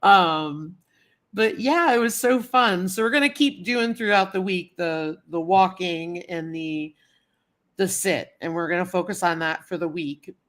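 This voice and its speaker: A woman's voice: fairly low pitch, a little slow, a bit bright. A woman hosting a casual livestream, chatting in a rambling way and greeting viewers in the chat. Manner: chatty, greets viewers and answers chat comments as she talks; rambling storytelling with many fillers and repeats. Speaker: livestream host.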